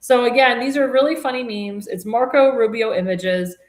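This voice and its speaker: A woman's voice: on the high side, moderate pace, roomy sound. A woman hosting a live political talk show, chatting in a rambling way with many restarts and fillers, and turning mocking and indignant about politics. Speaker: host.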